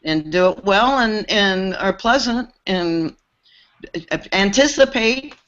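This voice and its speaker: A woman recording engineer telling lively stories on a casual call and acting out the quoted lines. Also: mid-range voice, slow, lo-fi sound. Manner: lively storyteller who acts out quoted lines. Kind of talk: casual storytelling on a group call.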